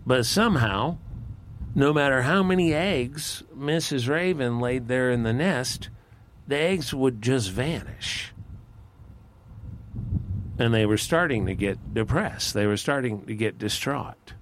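Slow, folksy male storyteller. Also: medium pitch, a little hiss or hum. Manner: relaxed, folksy, unhurried. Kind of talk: folk tale narration.

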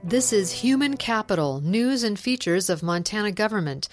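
A woman hosting a radio news feature, reading a script in a crisp, even way. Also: medium pitch, normal speed, faint music behind.

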